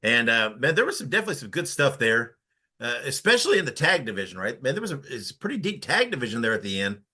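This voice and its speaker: A man hosts a podcast and asks his guest questions with casual, fan-like enthusiasm. His voice is bright and his pitch moves a lot. He sounds eager to hear the answers. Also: sing-song, quick pace, husky. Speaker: podcast host. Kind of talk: interview questions.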